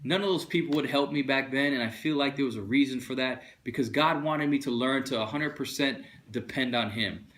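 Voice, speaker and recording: A man's voice: mid-range voice, a little fast, hardly any pauses. Pastor guy telling stories in his sermon, casual slang, acts out the characters. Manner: animated storyteller, acting out other people's voices. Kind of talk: funny sermon with acted bits.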